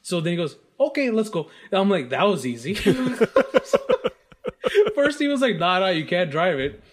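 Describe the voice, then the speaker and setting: A man's voice: sits high, unhurried, a little hiss or hum. A man co-hosting a podcast, from the US, telling a casual story full of laughter and swearing. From United States. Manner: laughs often, animated and profane anecdotes. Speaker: podcast co-host.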